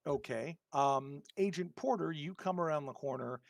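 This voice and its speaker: A man narrates a tabletop game as its game master, his voice gravelly and rough. He talks in halting bursts with lots of ums and restarts. The sound is dry and close. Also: on the high side, no echo.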